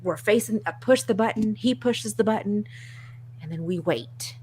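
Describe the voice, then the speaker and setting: Lively woman telling a funny story. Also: mid-range voice, normal speed, a little hiss or hum. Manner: animated, self-mocking storyteller who laughs often. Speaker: co-host. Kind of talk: casual storytelling chat.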